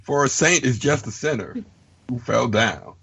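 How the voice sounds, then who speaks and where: A man's voice: mid-range voice, lively intonation, a little slow, vocal fry, a bit bright, a little hiss or hum. A man guest in a casual podcast chat, wry and blunt. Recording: dry, dull lo-fi sound.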